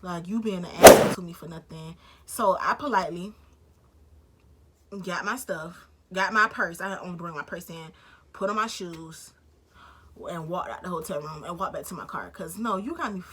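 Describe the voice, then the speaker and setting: Bright-voiced woman telling a story. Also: fairly low pitch, normal speed, a little hiss or hum. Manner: animated, slangy and profane, acts out both sides of the dialogue. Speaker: vlogger. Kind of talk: casual storytime vlog.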